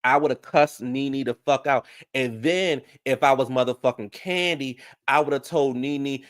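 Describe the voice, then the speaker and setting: A man, casually reviewing a reality show, loud and animated, with profane storytelling and sudden falsetto outbursts. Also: normal speed, few pauses, dry recording, studio quality. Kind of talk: casual reaction commentary.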